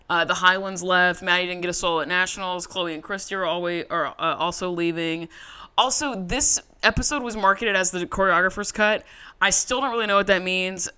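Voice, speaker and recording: A woman co-hosting a podcast, chatting casually in a profane, animated storytelling way. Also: on the low side, clear, resonant tone. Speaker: podcast co-host. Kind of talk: casual recap chat.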